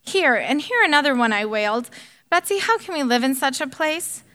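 A woman's voice: a little high, big pitch swings, moderate pace, fairly bright tone. A woman reading a weary, exasperated woman prisoner. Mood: distressed.

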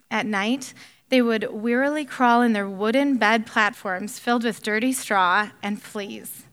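Earnest, gentle woman leading a Bible study, with some hesitant fillers; higher voice. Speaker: women's Bible study teacher. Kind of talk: prayer and Bible teaching with read-aloud story.

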